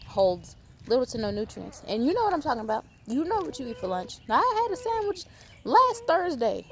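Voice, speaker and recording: Animated woman scolding her viewers. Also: mid-range voice, slight background noise. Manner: emphatic, rhetorical, scolding. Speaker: video host. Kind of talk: animated lecturing vlog.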